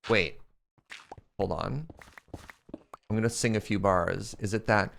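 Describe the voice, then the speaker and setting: A young male game streamer chats casually as he plays, answering questions from his chat and poking fun at himself. His low voice carries a gravelly texture and moves through a lively range of pitch. Faint background noise sits under the talk. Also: measured pace, pauses often. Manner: chatty, answers chat questions with self-deprecating jokes. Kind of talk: casual live-stream chat while playing.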